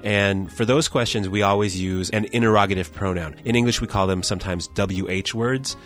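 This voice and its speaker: A man's voice: on the low side, fairly even intonation, fairly quick, fairly bright tone, soft background music. A man co-hosting a language-learning podcast, explaining grammar in a playful, teasing way. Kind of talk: scripted language lesson banter.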